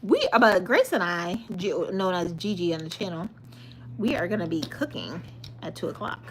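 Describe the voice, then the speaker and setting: A woman's voice: on the low side, big pitch swings, moderate pace, noisy background. A young woman hosting a casual live stream, answering viewer comments with frequent giggles and stumbles over her words. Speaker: livestream host.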